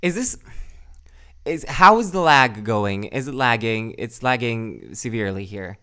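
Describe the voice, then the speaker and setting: Young male streamer, casual and rambling, smooth resonant voice, salty and self-mocking. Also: mid-range voice, lively intonation, a little slow, sharp tone. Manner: rambling, swears a lot, answers chat; self-deprecating, laughs often. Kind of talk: casual live-stream chat.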